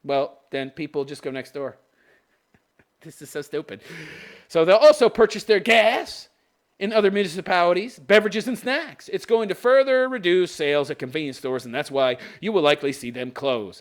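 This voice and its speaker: A man's voice: fairly high pitch, expressive, quick pace. A man hosting a podcast, reading news items aloud and tearing into them with sarcastic, profane commentary and scoffing laughs. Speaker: podcast host.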